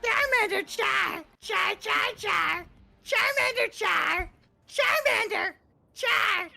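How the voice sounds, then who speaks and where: A woman voicing a small fire lizard creature, squeaking its name in high cries. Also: expressive, slow pace, gravelly, bright, forceful tone, faint music behind, exaggerated voice. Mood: excited.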